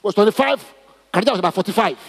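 Preacher in an echoing hall. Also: male voice, high-pitched, very fast, vocal fry, husky. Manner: emphatic, repetitive, animated preaching with stammered restarts. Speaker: pastor. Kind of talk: sermon.

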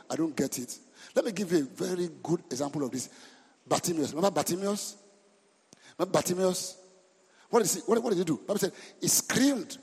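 A man preaches to his congregation in a fairly high, husky voice, stopping often to ask them questions. He sounds middle-aged and speaks as a senior pastor. The recording carries the long reverb of a church hall. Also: a little fast. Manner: animated preaching, repeats words, asks the congregation questions. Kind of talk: sermon.

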